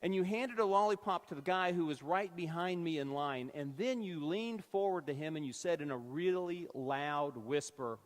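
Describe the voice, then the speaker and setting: Guy preaching in a big echoey church, kinda high voice, tells stories and acts out the voices. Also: normal speed, hardly any pauses. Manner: animated storyteller acting out quoted voices. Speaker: pastor. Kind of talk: sermon storytelling. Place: church sanctuary. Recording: long church-hall reverb.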